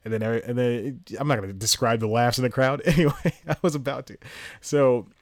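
A man hosting his own podcast alone, chatting casually and rambling through stories, laughing at himself and jumping into high-pitched impressions. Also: quick pace, no room sound, studio quality. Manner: rambling, self-mocking, laughs at own jokes; jumps into high-pitched impressions mid-story. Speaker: podcast host. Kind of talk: solo casual podcast chat. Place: home room with TV on. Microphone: home podcast mic, solo at laptop.

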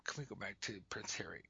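A man's voice: on the low side, gravelly, pushed and bright, breathy edge, dry recording. A man co-hosting a podcast, improvising silly stories, laughing often and breaking into goofy voices. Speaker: podcast co-host. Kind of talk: improvised comic storytelling game.

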